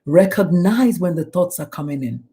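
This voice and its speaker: A woman's voice: on the low side, lively intonation, normal speed, warm tone. A middle-aged woman speaking as a guest in a talk show interview, emphatic and preachy, often acting out the people she quotes. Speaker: guest, doctor and suicide prevention speaker.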